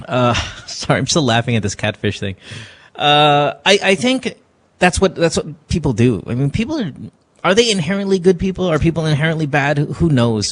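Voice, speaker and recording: A man hosting a radio call-in show, talking loosely with laughter and profanity. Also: on the high side. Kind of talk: casual late-night call-in talk. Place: radio studio.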